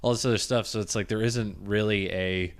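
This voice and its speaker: A man's voice: lowish voice, fairly even intonation, brisk, over a noisy crowd. A man hosting a podcast, laid-back and joking in casual chat. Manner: laid-back, joking, lots of laughter and fillers. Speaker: podcast host.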